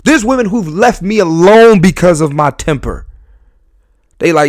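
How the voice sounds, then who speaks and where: A man hosting a podcast, talking candidly and emphatically, repeating and restarting his phrases and swinging between loud bursts and low, quiet asides. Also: expressive, measured pace, dry recording, studio quality. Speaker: podcast host.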